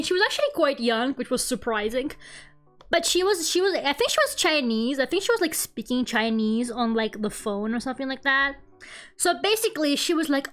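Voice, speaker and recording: A young woman streamer telling a story in a casual, animated rant, swearing and laughing along the way. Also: high voice, moderate pace. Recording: faint music behind.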